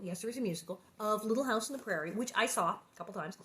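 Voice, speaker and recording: A woman reading a children's book aloud and breaking off for chatty, joking commentary, laughing often. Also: medium pitch. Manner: animated, joking, laughs often, quick asides. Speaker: reader and commentator. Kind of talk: casual read-aloud with chatty asides.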